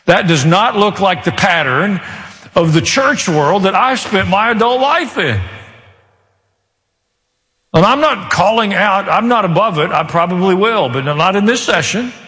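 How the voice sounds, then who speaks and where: High, lively preaching pastor in a hall. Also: male voice, measured pace. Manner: preaching, with sudden rises and quiet asides. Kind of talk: sermon. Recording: long reverb of a large hall.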